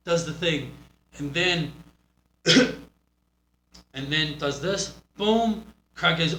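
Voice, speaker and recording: A man's voice: fairly high pitch, measured pace, bright, forceful tone. A man with a New Zealand accent, a pro wrestler giving a blunt, profane critique of a match. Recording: roomy echo with faint hum.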